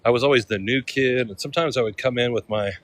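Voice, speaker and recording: A man's voice: mid-range voice, fast talker, a bit bright. A man from California chatting casually and slangily on a livestream from city streets, talking into a phone. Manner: chatty, laid-back, slangy. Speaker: livestreaming vlogger. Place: outdoors in a city at night, on the street and a ferry.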